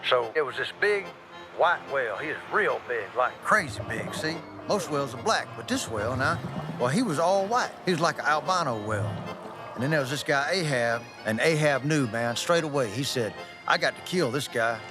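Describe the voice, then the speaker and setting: An actor playing a laid-back, folksy washed-up cowboy pitchman who drawls and keeps saying "man.". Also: animated, moderate pace, music in the background, lightly acted. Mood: rambling. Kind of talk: comedic ad acting.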